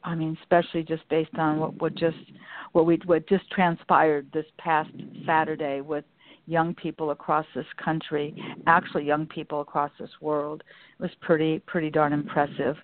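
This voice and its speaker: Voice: medium pitch, level tone, normal speed, a little hiss or hum. An interviewer asking a guest about their programs in a curious, chatty way. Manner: inquisitive, chatty. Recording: tinny phone line.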